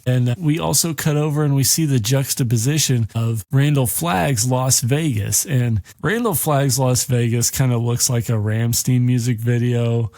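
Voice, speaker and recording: A man's voice: medium pitch, normal speed, hardly any pauses, a little mellow, dry recording, studio quality. Rambling, foul-mouthed man recapping a movie. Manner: rambling and heavily profane, acting out characters' lines. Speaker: podcast host.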